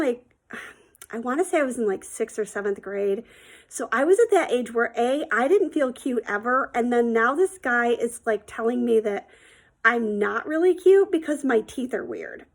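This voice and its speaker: A middle-aged woman tells a story from her own life, loose and chatty, full of filler words. Her voice sits slightly high, with a gravelly fry running through it. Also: expressive, moderate pace. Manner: chatty, rambling, many ums and likes. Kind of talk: casual spoken storytelling.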